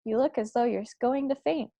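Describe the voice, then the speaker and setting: A woman's voice: on the high side, moderate pace, creaky, mellow, no room sound, muffled recording. A woman reading aloud, voicing a refined queen who exclaims in alarm. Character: distressed queen, dignified and commanding.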